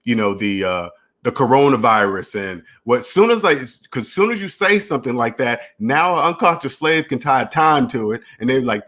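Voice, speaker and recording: A man's voice: mid-range voice, lively intonation, normal speed, a bit bright. A man hosting a finance channel, talking in a rambling, repetitive solo monologue and acting out imagined dialogues. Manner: repetitive, restarts phrases, emphatic.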